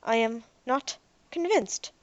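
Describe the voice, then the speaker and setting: A woman voices a male robot from an audiobook, literal and insistent, speaking in slow, measured statements. The sound is dry and close. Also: on the high side, expressive, no room sound, highs cut off. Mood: calm.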